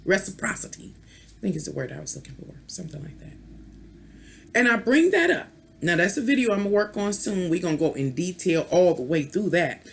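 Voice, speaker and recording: A woman's voice: medium pitch, gravelly, a bit bright. A woman vlogger and tarot reader rambling in a casual rant, chatty and playful, with sultry, knowing asides. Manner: chatty, rambling, with restarts and playful beeping sounds.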